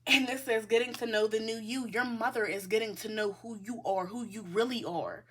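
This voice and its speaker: Femme tarologue franche, au langage cru. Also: female voice, fairly high pitch, fairly quick, a bit bright, slight background noise. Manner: blunt, profane and chatty, often addresses the listener as collective. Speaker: tarot reader. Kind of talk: casual spiritual reading.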